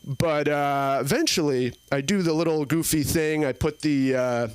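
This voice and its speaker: A man's voice: on the high side, moderate pace, clear, resonant tone, no echo. Rambling young man doing stand-up. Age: early 20s. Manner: rambling, filler-heavy storytelling. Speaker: stand-up comedian. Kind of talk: stand-up set. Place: comedy club stage.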